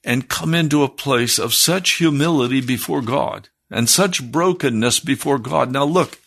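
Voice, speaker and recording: Husky-voiced man preaching. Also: medium pitch, moderate pace, a bit bright. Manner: earnest preaching, rising to fervent emphasis. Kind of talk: sermon.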